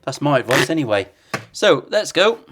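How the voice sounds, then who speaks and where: Sweary sarcastic luthier, slightly high voice. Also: male voice, big pitch swings, normal speed, background noise. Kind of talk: casual workshop build vlog. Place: guitar workshop.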